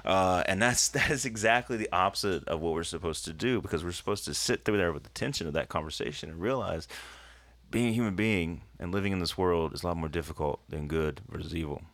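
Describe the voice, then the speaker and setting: A man co-hosting a church podcast in casual conversation, earnest and growing animated, laughing often. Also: low voice, quick pace, dry recording.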